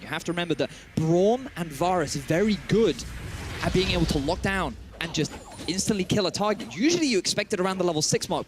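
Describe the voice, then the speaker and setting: A man with a Welsh accent breaks down a video game match as a co-caster. His voice sits fairly high, and his tone is relaxed, explanatory and easy to joke with. Heavy arena noise runs under the broadcast. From Wales. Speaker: esports co-caster. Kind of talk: esports analysis commentary.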